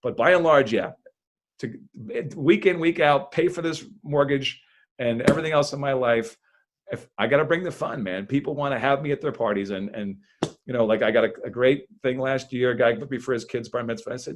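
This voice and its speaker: A man, a magician, talking in a lively podcast interview, with loud bursts of enthusiasm and frequent laughter. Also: mid-range voice, fairly quick. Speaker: magician guest.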